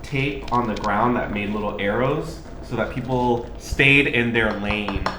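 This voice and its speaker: A man's voice: on the low side, unhurried. A man co-hosting a home cooking and eating video, chatting casually and telling stories as he eats. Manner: chatty storyteller, acts out own inner thoughts. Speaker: cooking channel co-host. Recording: roomy echo, faint background noise.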